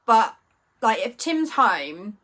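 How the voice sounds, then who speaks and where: A woman in her forties talks casually on a live stream, reading and answering viewers' messages. Her voice sits a little high, and she rambles with plenty of fillers. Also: very animated, slow pace. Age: 40s. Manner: chatty, rambling, warmly reacting to viewers' messages.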